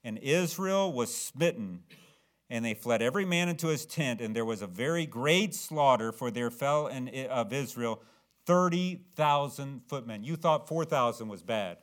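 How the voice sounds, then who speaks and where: A man preaching a sermon, swinging from low, earnest tones to loud, dramatic, acted-out shouts. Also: expressive, normal speed.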